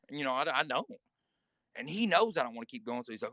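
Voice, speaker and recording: A man's voice: mid-range voice, fast, pushed and bright, no room sound. A man telling a guest story in casual, vivid, profane talk and acting scenes out.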